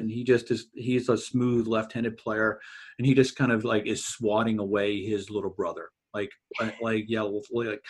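Rambling man, full of "like". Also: fairly low pitch. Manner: rambling, heavy use of "like" and "kinda". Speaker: water polo coach and podcast host. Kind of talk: casual podcast chat.

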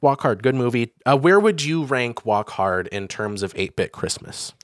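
A man's voice: mid-range voice, animated, moderate pace, no echo, studio quality. A man co-hosting a podcast, chatting casually about movies with lots of fillers and jokes. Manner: rambling, filler-heavy, jokey. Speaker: podcast co-host.

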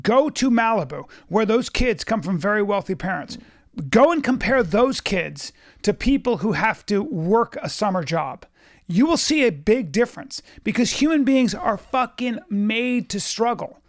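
A man's voice: high voice, animated, unhurried. A man hosting a podcast, talking in a casual, emphatic and profane way, often repeating words. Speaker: podcast host.

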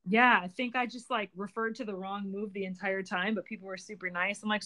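A woman's voice: medium pitch, fairly even intonation, a little fast, sharp tone. A woman hosting a casual chat, upbeat and agreeable as she chimes in. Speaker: host.

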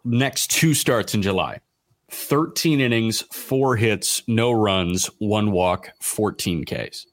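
Low-voiced man, dry close sound. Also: takes it slowly, dry recording. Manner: relaxed, hesitant, reads out stats. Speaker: podcast co-host. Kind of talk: casual analytical chat.

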